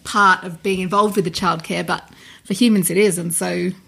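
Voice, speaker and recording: A woman's voice: fairly low pitch, steady tone, fairly quick, creaky, fairly bright tone, slightly rough. A woman co-hosting a podcast, chatty and a little hesitant as she talks. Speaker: podcast co-host. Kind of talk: podcast conversation.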